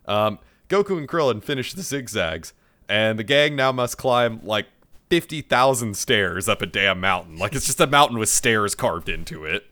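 Man, casual podcast recap, laughs a lot, swears, bright forceful voice, low-ish pitch. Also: expressive, moderate pace. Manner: laughs often, swears, acts out characters' lines. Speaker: podcast co-host recapping an anime episode. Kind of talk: casual chat.

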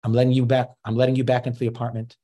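A man's voice: mid-range voice, flat delivery, rapid-fire, dark tone, close to an everyday voice. A man voicing an older, furious father-in-law who is bitter and wounded, speaking in indignant outbursts. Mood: stern. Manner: raised, strained, indignant outbursts.

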